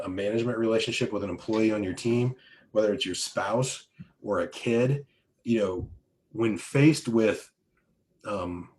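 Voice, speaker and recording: A man's voice: lowish voice, darkish tone. A man coaching an online group in a conversational, emphatic way, with many fillers and restarts. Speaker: business coach. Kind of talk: live online coaching talk.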